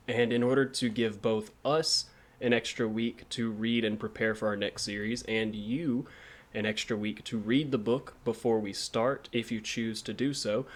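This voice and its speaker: A man's voice: medium pitch, unhurried. A man hosting a podcast in casual, joking chat. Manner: relaxed, joking, laughs often. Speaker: podcast host.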